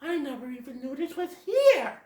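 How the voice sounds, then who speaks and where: A fan reviewer voicing an eager young male fawn in a high, childlike voice, in a roomy space. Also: big pitch swings, moderate pace, dark tone. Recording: roomy echo.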